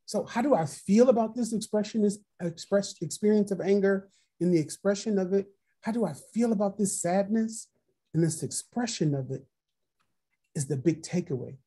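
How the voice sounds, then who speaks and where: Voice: medium pitch, mellow, husky. A workshop trainer leading an online training session, posing reflective questions, repeating them, and reading out participants' chat replies over a video call. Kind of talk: online training webinar facilitation.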